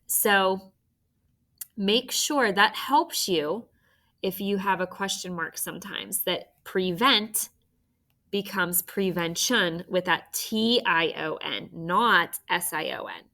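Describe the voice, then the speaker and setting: Slow, bright-voiced woman teacher dictating spelling. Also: mid-range voice. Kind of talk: phonics spelling lesson.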